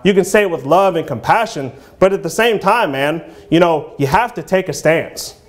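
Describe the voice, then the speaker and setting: A man's voice: a little high, animated, moderate pace. A man in his thirties preaching in a church, talking informally and reading scripture aloud in King James English. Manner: informal, conversational, peppered with "you know" and "man". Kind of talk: sermon.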